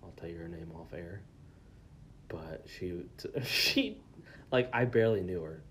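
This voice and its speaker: A man's voice: sits low, a little slow, a bit bright, a little hiss or hum. A young man co-hosting a casual podcast, telling a story with lots of swearing and acted-out quotes. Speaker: podcast co-host.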